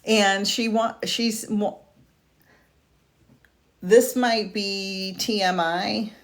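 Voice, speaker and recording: Slow, soft-spoken woman medium. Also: medium pitch, fairly even intonation. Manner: slow, soft-spoken, halting with fillers and restarts; emotional, tearful at moments. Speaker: psychic medium. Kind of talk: live-streamed reading. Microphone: video call or stream mic.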